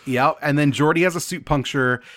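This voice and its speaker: A man co-hosting a podcast, casually recapping a book and quoting characters in quick paraphrase. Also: a little high, fairly bright tone, no room sound, clean studio sound. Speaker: podcast co-host.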